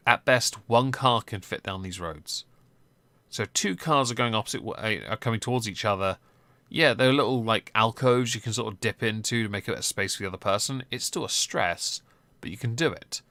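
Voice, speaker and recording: A man's voice: lowish voice, brisk, bright, forceful tone, no room sound. A man hosting a political live stream, giving casual commentary with lots of ums and blunt swearing.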